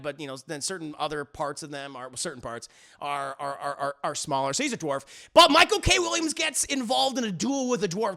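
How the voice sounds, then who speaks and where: A man recapping a show for his live-stream chat, rambling and swearing in an animated, casual way. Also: high voice, creaky.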